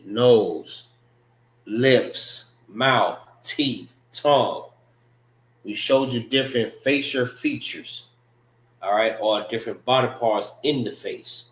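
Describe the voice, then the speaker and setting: An American man teaching a Hebrew class, slowly drilling pronunciation and checking in with "all right" and "know what I mean". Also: on the low side, fairly bright tone, echoey room, low-quality recording. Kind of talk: classroom language lesson.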